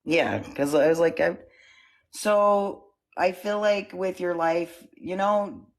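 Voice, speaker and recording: A man's voice: high voice, takes it slowly, creaky. A man calling in to give an energy reading, hesitant, full of ums and likes, a little out of breath. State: slightly out of breath. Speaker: caller, self-described psychic. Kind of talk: casual call-in reading.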